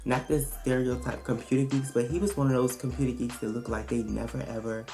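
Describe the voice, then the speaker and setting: A woman vlogger telling a storytime in a casual, blunt and profane way, animated and emphatic as she retells it. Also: extremely low pitch, a little fast, faint music behind.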